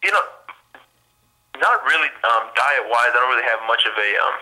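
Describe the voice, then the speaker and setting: A man's voice: mid-range voice, animated, normal speed, bright, forceful tone, poor audio. A college-aged man answering interview questions in an easygoing, rambling way, with many fillers and restarts. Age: early 20s. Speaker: college football quarterback being interviewed.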